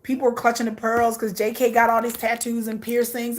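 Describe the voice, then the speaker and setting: Woman vlogger, slightly high-pitched, excitable casual chatter, laughs a lot. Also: a little fast, few pauses. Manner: reacts aloud to viewer comments. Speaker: K-pop vlogger. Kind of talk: casual chat.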